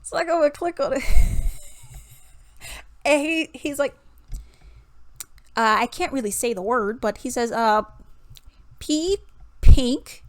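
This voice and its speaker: A woman's voice: high voice, unhurried, long pauses, a bit bright, no echo. A young woman, giving casual music commentary, laughing often and mocking songs in singsong voices.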